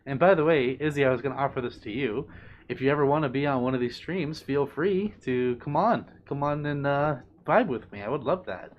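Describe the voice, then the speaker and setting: A man's voice: mid-range voice, brisk, dull audio, slight background noise. A young man hosting a casual livestream, reading out viewer comments and answering them in a chatty, affectionate, playful way. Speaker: livestream host.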